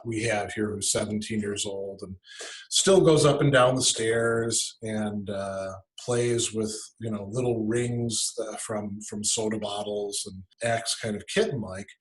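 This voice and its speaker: A man's voice: lowish voice, steady tone, a little slow, poor audio. A man, a guest philosopher in casual conversation, explaining ideas as he thinks aloud and often restarting his sentences.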